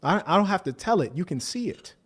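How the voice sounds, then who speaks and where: A man's voice: sits high, expressive, quick pace, a bit bright, slight background noise. A man streaming casual reaction commentary, joking and mocking as he talks over video clips.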